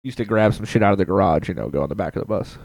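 Man, casual podcast talk, blunt, swears freely, quick delivery. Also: sits low, gravelly, darkish tone, no echo. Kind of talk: casual chat.

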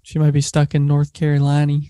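A man's voice: fairly high pitch, monotone, brisk, warm tone, clear, resonant tone, no echo, studio quality. A man co-hosting a podcast, chatting casually with a sarcastic edge. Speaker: podcast co-host. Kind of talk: casual chat.

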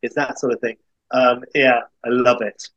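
A man's voice: mid-range voice, flat delivery, moderate pace, a bit bright, dry recording, dull audio. A man co-hosting a podcast, chatting casually and gushing with effusive praise. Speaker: podcast co-host. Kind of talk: casual chat.

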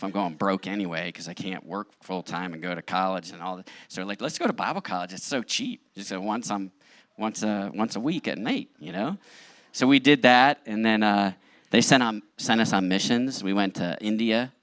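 A middle-aged male pastor telling his story in a sermon, animated, acting out what people said. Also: lowish voice, normal speed, dry recording. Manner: animated storytelling with acted-out quotes. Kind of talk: testimony sermon.

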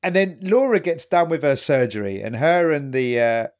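A man's voice: a little high, lively intonation, moderate pace. Sweary man chatting casually. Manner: sweary, conversational, retells scenes. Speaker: podcast co-host. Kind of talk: casual chat.

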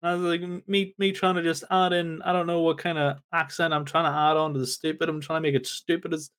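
A man with a slightly high voice rants his way through a casual podcast chat. He talks emphatically and sounds exasperated, climbing higher whenever something strikes him as pointless. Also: level tone, fast, hardly any pauses, fairly bright tone. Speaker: podcast co-host.

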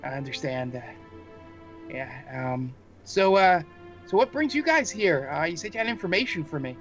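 A man's voice: fairly high pitch, very animated, normal speed, fairly bright tone. A man playing a horned devil lord. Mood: probing. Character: commanding devil lord, horned, eye-patched. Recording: dull muffled sound with faint music.

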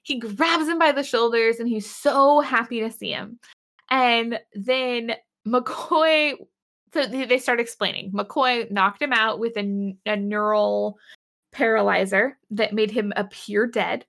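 A woman's voice: a little high, unhurried, creaky, a bit bright. A woman casually recapping a TV episode as a podcast co-host, telling it animatedly with acted quotes.

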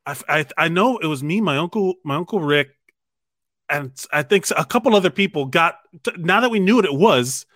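A man's voice: fairly high pitch, animated, a little fast, fairly bright tone, no room sound, studio quality. A man chatting casually as a podcast co-host, telling a story with many restarts and self-corrections. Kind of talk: casual chat.

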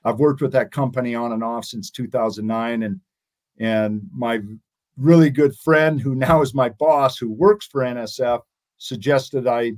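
An unhurried man in his sixties, with a medium-pitched voice, shares stories as a guest in a casual interview. He tends to ramble and often restarts what he's saying.

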